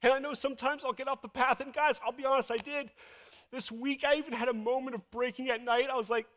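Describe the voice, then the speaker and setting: High-voiced earnest pastor in a reverberant hall. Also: male voice, fairly even intonation, fast talker, fairly bright tone. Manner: earnest and emotional, casual filler-heavy delivery. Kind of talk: conversational sermon. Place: church sanctuary. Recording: long reverb of a large hall.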